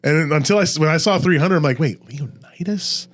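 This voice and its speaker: A man's voice: on the high side, racing. A man from Louisiana hosting a casual podcast chat, explaining local history and pronunciations at length. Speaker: podcast host.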